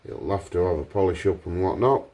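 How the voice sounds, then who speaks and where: A man, a pipe maker talking through his workshop repair in a relaxed, thinking-aloud way. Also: low-pitched, a little fast. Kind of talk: workshop vlog.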